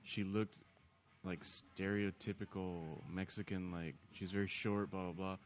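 A man with a low voice co-hosts a relaxed podcast at home, talking into a dynamic mic at the table. He rambles through anecdotes and plays out what everyone said along the way. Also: unhurried. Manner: rambling storyteller with quoted asides. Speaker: podcast co-host. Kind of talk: casual chat. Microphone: dynamic microphone at a table.

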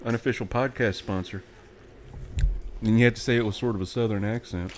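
Rambling low-voiced male podcast host. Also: fairly even intonation, brisk, slight background noise. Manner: rambling, self-interrupting, laughs often. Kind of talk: casual chat.

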